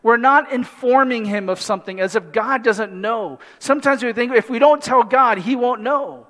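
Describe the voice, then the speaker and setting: A man preaching a sermon in an animated way, with humorous asides and acted-out voices from the story. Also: very high-pitched, moderate pace. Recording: long hall reverb.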